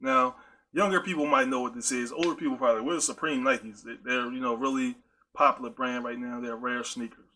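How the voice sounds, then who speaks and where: A man's voice: medium pitch, fairly quick, bright, forceful tone. A man hosting a podcast, speaking in a casual, chatty monologue that addresses his listeners directly and often repeats himself with playful asides. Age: adult with a high-school-age nephew. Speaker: podcast host.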